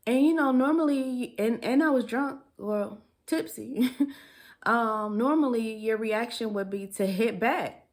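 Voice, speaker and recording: A woman's voice: fairly high pitch, measured pace. A young woman telling a personal story in a casual, chatty way, laughing often and using dialect grammar. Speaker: storytime vlogger.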